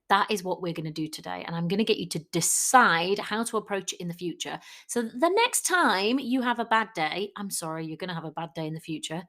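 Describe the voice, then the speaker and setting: A woman coach giving a chatty solo podcast talk. She acts out quoted people in lively voices. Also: on the low side.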